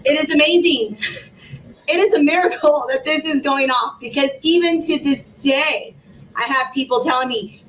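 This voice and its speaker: A woman in her forties, a foundation founder telling her story in an interview, animated and rambling, with many fillers. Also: high-pitched, normal speed. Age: 40s. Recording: distant mic with faint background noise.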